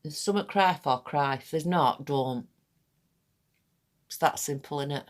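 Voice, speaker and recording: A woman's voice: deep voice, normal speed. A middle-aged woman chatting casually in a rambling, blunt way while demonstrating a treatment. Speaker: aesthetics practitioner.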